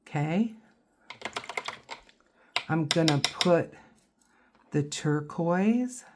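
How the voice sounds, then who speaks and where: A woman's voice: low voice, expressive, very slow, a little hiss or hum. A woman giving a casual painting tutorial, chatting and thinking aloud as she works. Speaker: watercolor instructor.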